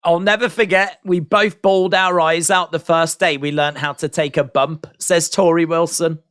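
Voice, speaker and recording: A man commentating casually over a live stream, chatty and quick to laugh at what he hears. His voice sits a little high, and the sound is dry and close to the mic. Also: steady tone, a bit bright, clean tone, no echo. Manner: chatty, reacting with laughs and asides. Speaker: host of a wrestling watch-along stream.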